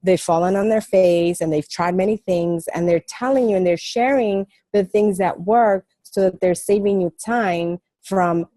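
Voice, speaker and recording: A woman's voice: fairly low pitch, a little slow, few pauses, mellow, dry recording. A woman coaching on a team call, telling stories in a chatty way with many fillers. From New York. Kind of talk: casual team call talk.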